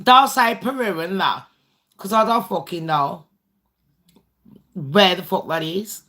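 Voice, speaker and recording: British female host, chatty livestream, blunt, sweary, rambling delivery with a bright, sharp tone. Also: on the low side, slow. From Britain. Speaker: channel host. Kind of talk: casual livestream chat with viewers.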